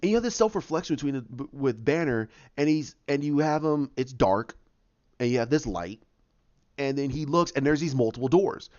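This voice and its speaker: A man's voice: medium pitch, lively intonation, moderate pace, a little mellow, no room sound, muffled recording. A man hosting a podcast, recapping a film casually and acting out scenes with many restarts. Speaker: podcast host.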